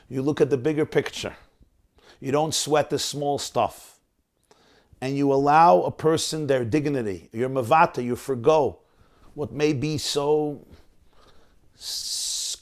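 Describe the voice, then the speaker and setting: Gravelly rabbi telling a story. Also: male voice, medium pitch, unhurried, pauses often. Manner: animated storyteller, acting out quotes. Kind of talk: sermon storytelling. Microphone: video call.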